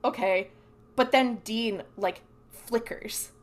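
Speaking at a moderate pace with a medium-pitched voice, this podcast co-host chats casually through a TV episode recap. She tells it with animation and performs the quotes herself.

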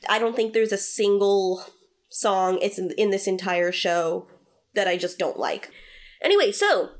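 A woman's voice: mid-range voice, lively intonation, a little slow. A woman co-hosting a casual chat, talking through a musical's story with opinionated enthusiasm. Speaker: podcast co-host.

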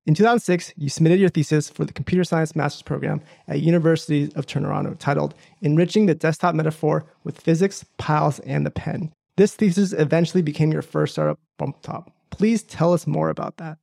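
A male podcast host reads his prepared introduction in a measured way. His voice is a bit high and has plenty of gravelly fry. The recording is close and dry. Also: steady tone, mellow, no room sound. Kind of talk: scripted introduction and interview questions.

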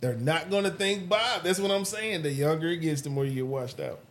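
Joking higher-voiced man, lively pitch. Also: a little hiss or hum. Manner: joking, quick to laugh, asks questions. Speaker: podcast co-host. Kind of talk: casual chat.

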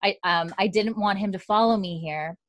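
Woman as a guilty young daughter, soft and hurried, dry sound. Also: medium pitch, no room sound, lightly acted. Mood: worried.

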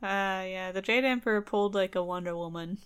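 A woman's voice: medium pitch, fast talker, clean tone. A woman co-hosting a podcast, chatting casually with playful wisecracks. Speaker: podcast co-host. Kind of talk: casual chat.

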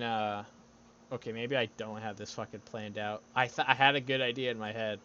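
A man's voice: medium pitch, sharp tone, lo-fi sound, slight background noise. A young man co-hosting a casual podcast, rambling through ideas with frequent laughter and swearing. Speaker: podcast co-host.

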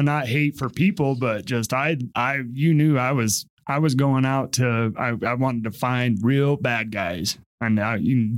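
A man who used to be a police officer, chatting casually and acting out his old traffic stops with lively voices. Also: mid-range voice. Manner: animated storyteller, acts out traffic stops. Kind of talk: casual podcast chat.

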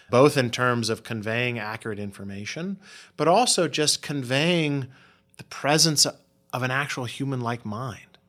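A man being interviewed as a researcher, explaining his findings in an animated way and often restarting words. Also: mid-range voice. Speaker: guest researcher. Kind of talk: interview answers.

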